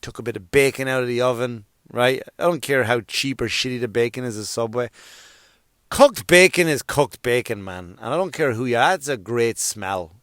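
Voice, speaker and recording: Medium in pitch and moderate in pace, this comedy podcast host spins a meandering, funny story on a dry, studio-quality track. He brings the quotes to life by performing them as he retells events.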